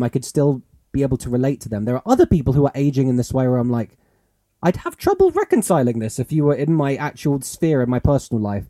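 A man's voice: a little high, mellow, no room sound, studio quality. A man co-hosting a podcast in casual chat, rambling and musing with lots of fillers. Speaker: podcast co-host.

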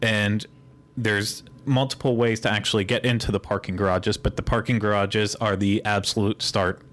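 A man's voice: fairly low pitch, steady tone, moderate pace, a bit bright. A man with a Pittsburgh accent hosting a podcast, explaining in a rambling, digressive way in casual chat. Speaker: podcast host.

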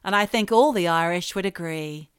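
A woman's voice: on the low side, moderate pace, clean tone, dry recording, studio quality. A woman co-hosting a podcast, chatting casually with playful, teasing reactions. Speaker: podcast co-host.

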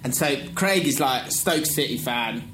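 A man with a Cockney accent co-hosting a football podcast in casual chat, animated and laughing often. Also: medium pitch, a little slow. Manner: animated, laughs often, does mocking voices in anecdotes. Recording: echoey room, faint background noise.

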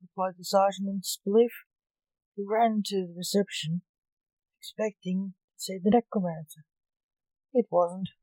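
A woman reading her own short story aloud for a podcast, measured and plain. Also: medium pitch, steady tone, warm tone, dry recording, rough recording.

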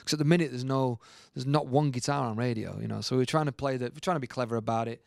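A man in his thirties tells stories with lively, colloquial energy and frequent laughter. His voice sits at an ordinary pitch. It is recorded close and dry, with no room sound. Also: very fast, vocal fry, no echo. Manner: animated storyteller, laughing often, colloquial. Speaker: guest musician. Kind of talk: casual anecdote-telling.

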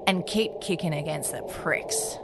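A woman's voice: deep voice, a little slow, vocal fry. A woman co-hosting a podcast, teasing her partner sarcastically and laughing often. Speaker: podcast co-host. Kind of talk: casual banter.

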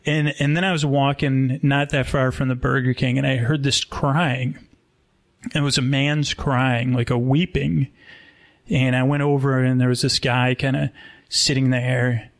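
A man's voice: medium pitch, level tone, measured pace. A man telling an absurd story at a live show, rambling and tripping over his words. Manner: rambling, with stumbling restarts.

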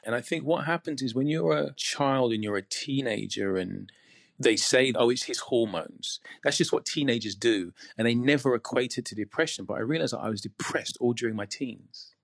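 An English man from the UK, speaking as a podcast guest in a reflective, measured way with frequent pauses. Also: mid-range voice, creaky, dry recording, clean studio sound. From United Kingdom. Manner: reflective, measured, pausing often. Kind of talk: candid interview conversation.

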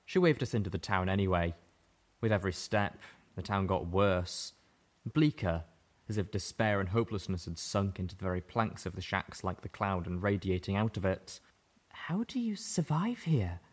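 Male audiobook narrator, low-pitched, steady first-person delivery. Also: moderate pace.

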